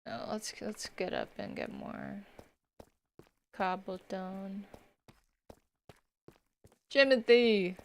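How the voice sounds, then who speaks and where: A woman's voice: mid-range voice, animated, extremely slow, long pauses. A woman streamer chatting casually and rambling to her viewers while she plays a game. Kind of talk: casual gaming chat.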